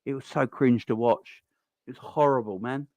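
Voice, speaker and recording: A man chatting live to his viewers while a match plays, blunt and repetitive, full of fillers and asides. His pitch sits in an ordinary middle range. The sound is dry and close, with no room around it. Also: steady tone, normal speed, a little mellow, no room sound. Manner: chatty, blunt, repeats himself, frequent fillers. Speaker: livestream host reacting to a football match. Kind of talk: casual live chat reading viewer comments.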